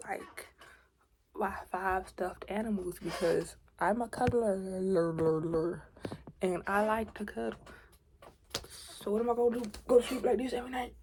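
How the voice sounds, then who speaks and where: A woman's voice: mid-range voice, normal speed, a little mellow, slight background noise. A woman of twenty in a casual confiding vlog, rambling and chatty, with asides, self-corrections and dips into a whisper. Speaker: faith vlogger.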